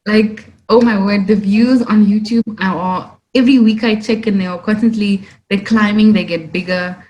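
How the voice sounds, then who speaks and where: A young woman, hosting a podcast in casual, animated chat. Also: medium pitch, moderate pace, dull audio. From South Africa. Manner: animated, exclamatory, laughs often. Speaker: podcast host.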